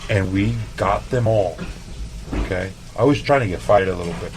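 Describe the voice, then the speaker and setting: A man from El Paso, a chef, telling stories in a loose, profane, animated way on a podcast. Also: low-pitched, normal speed, rough recording. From El Paso, Texas. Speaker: chef, interview guest. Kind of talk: casual storytelling.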